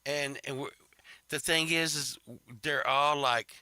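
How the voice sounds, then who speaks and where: A man retells a story in a slow, drawn-out delivery, rambling and swearing with laughing asides. His voice is very bright and cutting, and the sound is dry and close with no room echo. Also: on the high side, fairly even intonation, smooth. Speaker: podcast host. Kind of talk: casual storytelling monologue.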